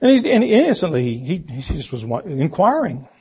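A man preaching a sermon, telling a story slowly and deliberately and acting out the quoted voices. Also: on the high side, big pitch swings, a little mellow, husky. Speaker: pastor.

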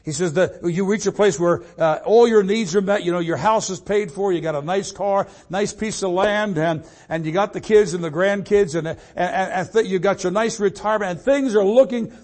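An older man delivering a sermon in a fairly high-pitched voice. He reads scripture with rising, fervent force and slips into relaxed asides about his own life. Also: normal speed, hardly any pauses. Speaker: traveling preacher.

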